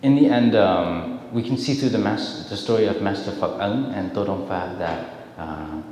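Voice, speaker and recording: A man gives a dharma talk full of stories, often restarting and repeating words. His voice sits low, and a long reverb trails it around the temple hall. A faint hiss sits behind. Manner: storytelling, warm-hearted, repeats words. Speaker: dharma speaker.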